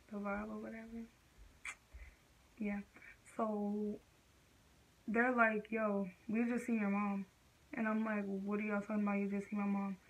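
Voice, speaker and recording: A woman's voice: medium pitch, dull audio. A teenage girl vlogger telling a personal story in casual, slangy speech full of fillers.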